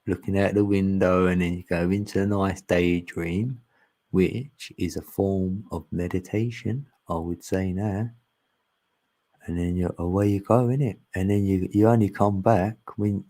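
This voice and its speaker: Low gravelly man, dark husky voice, rambling host chat. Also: steady tone, unhurried. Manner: rambling, laughs often. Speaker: channel host. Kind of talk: casual spiritual chat. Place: long live stream.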